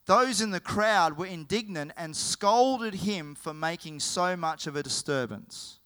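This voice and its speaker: A male preacher tells a story with animated energy, his voice bright and forward. He speaks crisply and cleanly, stopping now and then to correct himself. The pitch sits a little on the high side for a man. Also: a little slow. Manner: animated, with frequent self-corrections. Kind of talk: sermon storytelling.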